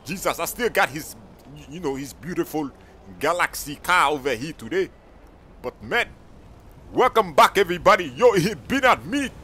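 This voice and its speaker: Excitable young man hosting a game role-play. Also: a little high, normal speed, slight background noise. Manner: loud, excitable, slangy, addresses viewers. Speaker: channel host.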